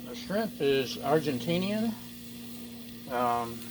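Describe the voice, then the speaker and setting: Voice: mid-range voice, expressive, slow pace. A home cook vlogger giving playful, chatty cooking commentary outdoors, talking to the dogs now and then. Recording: loud sizzling griddle noise behind.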